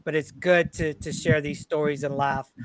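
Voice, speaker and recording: A man's voice: on the high side, steady tone, moderate pace. A man who co-hosts a podcast and served in the Navy, talking in a reflective, casual way with many fillers. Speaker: podcast co-host, Navy veteran. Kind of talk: casual conversation.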